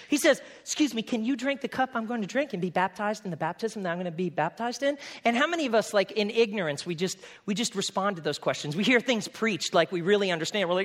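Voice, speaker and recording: A man from New England preaching a sermon in a conversational, animated way, acting out quick asides. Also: high-pitched. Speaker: pastor.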